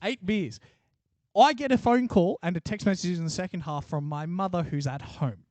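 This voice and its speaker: A man's voice: sits high, moderate pace, a little mellow, dry recording. A man co-hosting a casual sports podcast, telling rowdy stories and laughing often. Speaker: podcast co-host.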